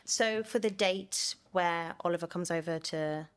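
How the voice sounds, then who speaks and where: A woman's voice: fairly low pitch, unhurried. A young woman from London, an actor, chatting casually in an interview, with lots of fillers and laughter as she tells stories.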